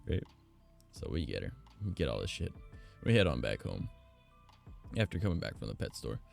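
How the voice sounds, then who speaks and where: Deep, gravelly-voiced man telling stories. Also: sing-song, normal speed. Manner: rambling, blunt and profane. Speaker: streamer. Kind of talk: casual storytime chat. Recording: faint background music.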